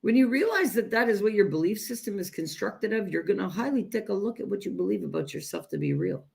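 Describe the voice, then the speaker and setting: Emphatic woman giving a slow spiritual talk. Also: mid-range voice, wildly swooping pitch, vocal fry, darkish tone. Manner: emphatic, addresses listeners as "you guys". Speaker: self-growth teacher. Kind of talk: direct spiritual self-help talk.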